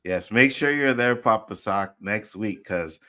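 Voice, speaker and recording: A man's voice: lowish voice, measured pace, pushed and bright. A man co-hosting a livestream show, ranting casually and swearing constantly in heated outbursts. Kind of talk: casual profane rant.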